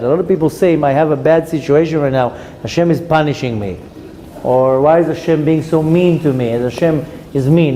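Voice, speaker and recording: A man teaching a Torah class, a lively storyteller who acts out the characters in his stories. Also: on the high side, a little hiss or hum, poor audio. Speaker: rabbi.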